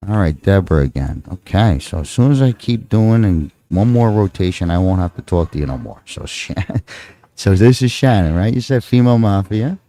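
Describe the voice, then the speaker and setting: A deep-voiced man with a Texan accent commentates live pool, his tone dark and relaxed. He rambles casually and teases his partner between shots. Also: normal speed. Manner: rambling, joking with his co-host.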